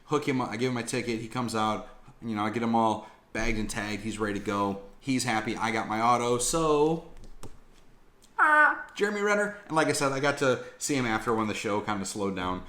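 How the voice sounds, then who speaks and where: A man telling casual vlog stories in a slangy, animated way, swearing freely. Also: mid-range voice, brisk. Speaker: collectibles vlogger.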